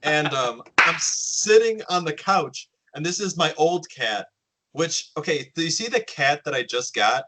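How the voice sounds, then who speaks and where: Podcast host, male, casual storyteller who acts out the quotes; bright voice. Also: on the high side, a little slow, poor audio. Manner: animated storyteller, acts out quotes, swears often.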